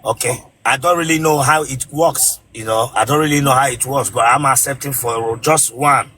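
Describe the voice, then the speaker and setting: A man with a Nigerian accent whose first language is Igbo, hosting a comic live stream in a blunt, teasing way and breaking into shouts. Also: mid-range voice, normal speed, a little hiss or hum. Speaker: comedian host of a live stream.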